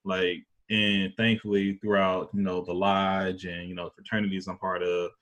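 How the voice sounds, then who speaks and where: A man with an East Texas accent hosting a casual chat, talking slowly in a laid-back drawl. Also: low-pitched, flat delivery, fairly bright tone, dull audio. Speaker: podcast host.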